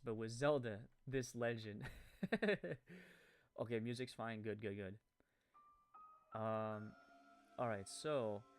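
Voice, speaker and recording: Rambling French-Canadian man streaming. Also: mid-range voice. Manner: rambling, many fillers, corrects his own stumbles. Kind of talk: casual live-stream commentary.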